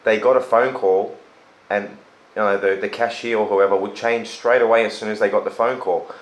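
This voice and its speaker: A man's voice: lowish voice, fairly even intonation, normal speed, roomy sound, poor audio. A man, talking earnestly and telling a story in a casual conversation. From Australia. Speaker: host. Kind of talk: casual chat.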